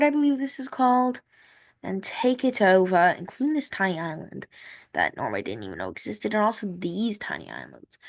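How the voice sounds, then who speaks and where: A woman talks through a map timeline at an unhurried pace. Her pitch swings widely as she rambles and corrects herself. It sounds like casual thinking out loud. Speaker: map-series creator.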